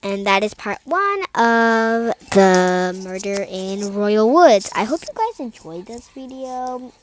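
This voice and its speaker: A young woman tells a made-up story at a slow, unhurried pace. She rambles casually, filling gaps and restarting her sentences as she goes. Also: fairly high pitch, sing-song, slight background noise, poor audio. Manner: rambling, many fillers and restarts.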